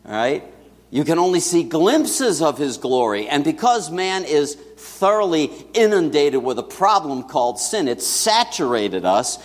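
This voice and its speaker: A man preaching a sermon in a church to his congregation, talking in a lively, conversational way with asides to the listeners. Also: fairly high pitch, unhurried, long reverb tail. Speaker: pastor.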